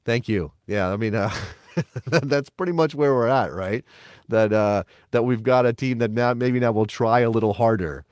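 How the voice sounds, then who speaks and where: A man co-hosting a soccer podcast in casual talk, animated, sometimes mocking others in a high voice. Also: normal speed, no echo. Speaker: podcast co-host.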